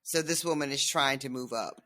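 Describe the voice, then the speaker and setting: A podcast co-host chatting casually, animated and quick to laugh, swearing freely. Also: medium pitch. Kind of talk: casual chat.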